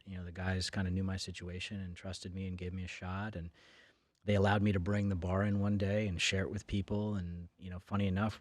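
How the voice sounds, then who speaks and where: Guest, male, lowish voice, dry close sound, chatty storyteller full of fillers. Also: no room sound. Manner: rambling, with many fillers and restarts. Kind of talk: casual storytelling. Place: studio in Boca.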